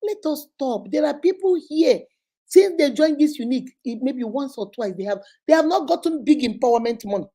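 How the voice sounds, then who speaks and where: A Nigerian woman with a high, mellow voice hosts a relaxed advice chat. She talks with lively energy, breaks into laughter often and acts out phone conversations. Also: fairly quick. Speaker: host of an advice session. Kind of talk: casual live advice chat.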